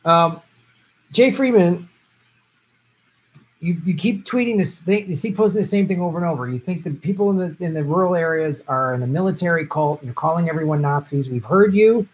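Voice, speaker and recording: A man's voice: fairly high pitch, brisk, poor audio. Joking man chatting through viewer questions. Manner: joking, rambling, reads comments aloud. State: vegetarian who travels for work. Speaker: host answering viewer questions. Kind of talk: casual live-stream chat.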